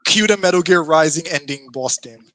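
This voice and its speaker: Man, casual co-host, a bit higher pitched, animated and laugh-prone. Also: brisk, poor audio. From New York. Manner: animated, laughs often, restarts sentences. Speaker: podcast co-host. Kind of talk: casual gaming chat.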